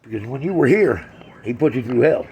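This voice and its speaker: A man doing a crude, brash stand-up routine on a club stage, swinging from loud jabs to low mutters. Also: expressive, a little fast, a little hiss or hum. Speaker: stand-up comedian.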